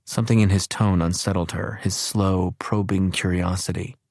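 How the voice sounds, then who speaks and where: A man reading an audiobook in an even, measured narration. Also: low voice, creaky, no room sound, clean studio sound. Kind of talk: scripted narration.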